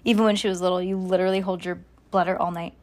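A mother reading a children's book aloud to her daughter, animated and affectionate, breaking off for chatty asides. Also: lowish voice, rapid-fire.

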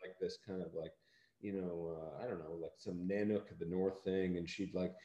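An American man, an actor, chatting in an interview in a halting, rambling way with lots of fillers and dry humor. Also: low voice, steady tone, warm tone, reverberant, muffled recording. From United States. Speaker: actor interviewed about a film. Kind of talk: casual interview chat.

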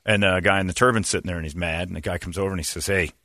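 Bright, dry-voiced rambling male host. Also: low voice, racing, no room sound. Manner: rambling, lots of "uh" fillers, animated retelling. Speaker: radio show host. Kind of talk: casual storytelling chat.

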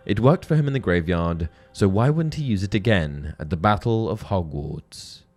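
A man's voice: sits low, animated, normal speed, darkish tone. A man giving scripted video-essay narration, earnest and analytical, reading book passages aloud. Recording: faint background music.

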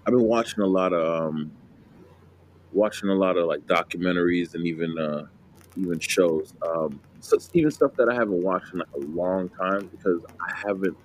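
A man's voice: low-pitched, normal speed, a little hiss or hum, rough recording. A man in his late twenties from New Jersey chatting casually on a podcast, rambling with lots of fillers and restarts. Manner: rambling, many fillers and restarts, laughs a lot. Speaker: podcast co-host. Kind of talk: casual chat.

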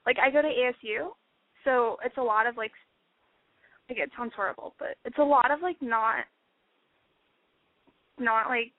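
A woman's voice: on the high side, normal speed, pauses often, no room sound. A young woman calling in to a radio show, hesitant and filling her talk with "like". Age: young adult. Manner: hesitant, says "like" constantly. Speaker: caller. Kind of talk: casual call-in chat. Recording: tinny phone-like sound.

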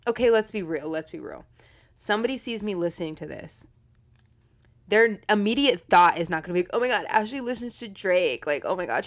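A young woman hosting a casual storytelling podcast, chatty and profane, laughing often as she talks. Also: lowish voice. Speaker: podcast host.

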